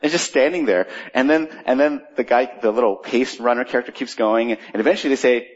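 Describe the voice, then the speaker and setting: Husky pastor, middle-aged man, chatty and animated sermon, muffled lo-fi recording. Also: mid-range voice, fast, few pauses. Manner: conversational, animated storytelling with rising energy. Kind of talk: sermon with prayer and storytelling. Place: church. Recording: dull lo-fi church recording.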